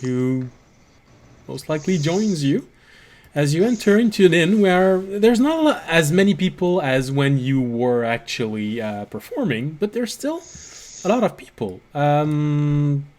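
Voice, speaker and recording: A man narrating a tabletop game as game master, unhurried and pausing often. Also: a little high, big pitch swings, darkish tone. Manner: unhurried narration with fillers and restarts.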